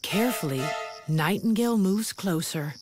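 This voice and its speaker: A woman narrating a children's storybook in a slow, gentle, clearly paced reading. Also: medium pitch, animated. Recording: loud music behind the voice.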